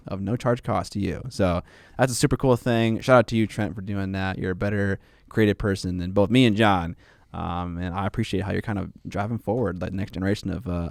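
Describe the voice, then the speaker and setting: A man's voice: sits low, gravelly, a little mellow, dry recording, studio quality. A man co-hosting a hobby podcast in casual chat, rambling with lots of fillers. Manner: rambling, filler-heavy, laughs easily. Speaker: podcast co-host.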